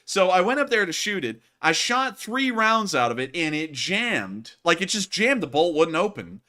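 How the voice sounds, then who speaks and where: A man hosts a casual livestream. His voice sits a little high and sounds bright and forceful. He tells stories in an animated way and keeps saying y'all. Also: moderate pace. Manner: animated storyteller, says y'all. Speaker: host of a war news livestream.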